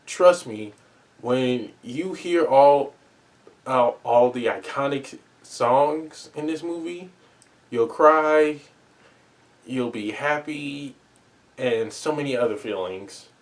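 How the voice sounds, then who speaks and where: A man's voice: medium pitch, slow. A man giving a casual spoken movie review, talking earnestly, often repeating and restarting his words and making pleading asides.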